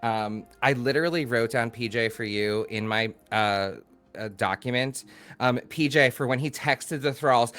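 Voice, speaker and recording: A man player thanks his fellow players after a tabletop campaign. He is bubbly and quick to laugh. He fills his talk with "like" and "um". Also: medium pitch, fairly bright tone, clean tone, faint music behind. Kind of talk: post-game wrap-up chat.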